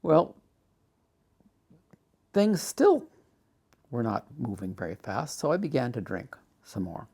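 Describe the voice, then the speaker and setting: An older man telling his life story for a documentary, halting and full of restarts. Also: medium pitch, sing-song, vocal fry, darkish tone, breathy edge. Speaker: documentary interviewee. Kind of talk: personal storytelling.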